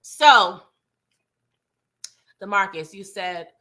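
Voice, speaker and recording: Chatty woman with a bright voice. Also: mid-range voice, lively intonation, extremely slow. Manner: chatty, talks straight to viewers, often laughs. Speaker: TV recap reviewer. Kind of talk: casual TV recap commentary.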